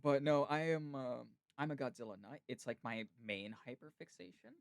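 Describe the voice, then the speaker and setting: A man's voice: mid-range voice, moderate pace, vocal fry, dry recording, clean studio sound. A man from the United States hosting a podcast, chatting casually and telling long, rambling stories. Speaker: podcast host. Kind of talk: casual chat.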